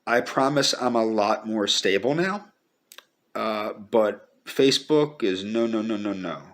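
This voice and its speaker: Lowish voiced guy talking to his camera, earnest, keeps repeating himself and restarting, kinda choked up. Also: animated, fairly bright tone. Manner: halting and repetitive, restarting sentences; earnest, pleading. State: fighting back tears. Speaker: vlogger. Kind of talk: personal video message to the camera.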